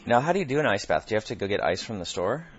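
A man co-hosting a podcast, upbeat and energetic in his opening and chat. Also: fairly low pitch, very fast, dull audio. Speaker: podcast co-host.

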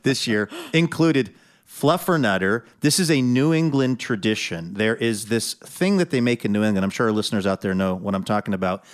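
A man from the US Northwest hosting a radio show, chatty and quick to laugh. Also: lowish voice. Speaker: host.

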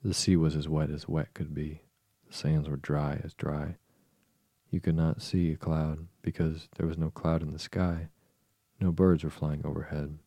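Very deep, soothing bedtime reader man. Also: little pitch movement, mellow, no room sound. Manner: slow, soothing, measured. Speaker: podcast host and reader. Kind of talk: bedtime story reading.

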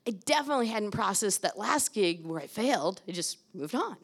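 A woman's voice: medium pitch, animated, fairly quick, vocal fry. A middle-aged woman giving a candid, conversational storytelling talk to an audience, acting out the dialogue she recounts. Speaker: speaker addressing an audience.

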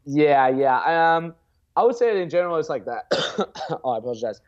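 A man's voice: a little high, expressive, moderate pace. Blunt young man on a muffled line. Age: 20s. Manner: blunt and profane, freely acts out example lines. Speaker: guest dating coach. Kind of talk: casual podcast chat.

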